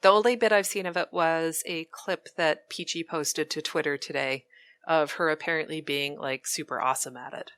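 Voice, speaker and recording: Woman, low but bright-toned voice, lively reactive podcast co-host, dry close sound. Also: no echo. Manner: animated, quick to laugh and react. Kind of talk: casual gaming podcast chat.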